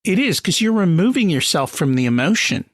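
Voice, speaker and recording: A man's voice: high voice, very animated, a little fast, husky, no room sound, studio quality. A man hosting a podcast who asks curious follow-up questions. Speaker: podcast host. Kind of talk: interview conversation.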